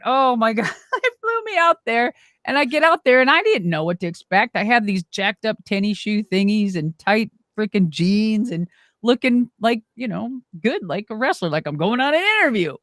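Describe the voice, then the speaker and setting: A middle-aged woman, a former wrestler and monster truck driver, telling stories in an animated, exclamatory way as an interview guest. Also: on the high side, normal speed, dry recording, clean studio sound. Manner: animated, exclamatory, acts out quoted dialogue. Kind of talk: casual storytelling interview.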